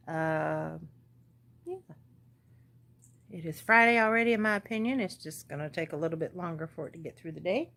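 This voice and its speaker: A woman's voice: mid-range voice, fairly bright tone. A woman in her forties with a Southern US accent, rambling casually to her viewers from home about her day, with plenty of fillers. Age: 40s. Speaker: crafting vlogger. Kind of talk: casual vlog chat. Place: at home, indoors. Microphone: tablet or phone camera.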